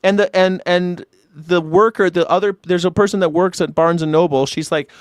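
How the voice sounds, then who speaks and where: A man's voice: high-pitched, steady tone, moderate pace, clean tone, dry recording, studio quality. A man hosting a casual call-in livestream, rambling and profane, boasting about himself in a joking way. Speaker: livestream host taking callers.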